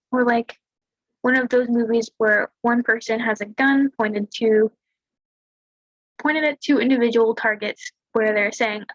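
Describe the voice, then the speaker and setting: A woman tutoring a language lesson over a screen share in a relaxed, chatty way, talking through examples. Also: on the high side, dry recording, muffled recording. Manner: relaxed, chatty explaining with fillers and small laughs.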